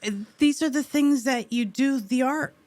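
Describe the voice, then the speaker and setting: A woman actor as an interview guest, telling a story in an animated, emotional way. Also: high-pitched, normal speed, no room sound.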